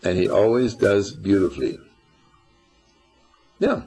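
A man's voice: lowish voice, very animated, slow, warm tone, husky, soft background music, poor audio. An older man giving an informal spiritual talk to a small group, folksy and rambling, quizzing his listeners as he goes. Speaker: spiritual teacher.

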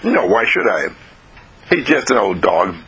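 A man voicing a blunt, sulky little girl in a storytelling broadcast, with a high squeaky put-on voice. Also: sing-song, a little slow, a bit bright, slightly rough, full character voice.

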